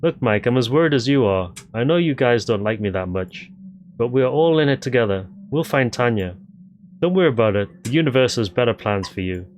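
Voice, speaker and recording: A man voicing a quiet, odd young man who answers in a flat, subdued way. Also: mid-range voice, fairly quick, slight background noise, natural voice. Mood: calm.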